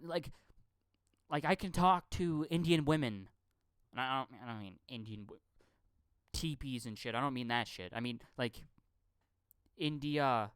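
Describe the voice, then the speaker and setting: A man's voice: medium pitch, clean tone, no echo. A man rambling through a profane live-stream rant, stammering and repeating his words. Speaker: channel host.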